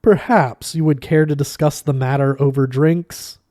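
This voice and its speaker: A man's voice: fairly high pitch, fairly even intonation, moderate pace, mellow, no room sound, studio quality, lightly acted. A man voicing a small, wizened green alien waiter who is coldly polite and a little sarcastic. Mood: prim politeness. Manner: prim, over-polite, clipped.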